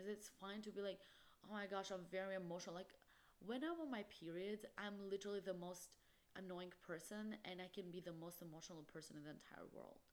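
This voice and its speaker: A young woman hosts her own podcast, talking alone straight into the mic. She speaks emphatically and with feeling, leaning on "literally" and "like" as she presses her points home. Her voice sits at a middling pitch for a woman. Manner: emphatic, impassioned, peppered with "literally" and "like". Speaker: podcast host. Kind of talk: solo podcast monologue.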